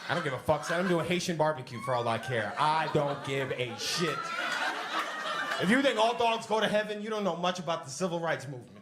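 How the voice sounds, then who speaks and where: A man's voice: a little high, brisk, roomy sound, heavy background noise. A man doing stand-up comedy with crowd work in a comedy club, brash and profane, with audience laughter behind him. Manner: brash, profane, animated delivery.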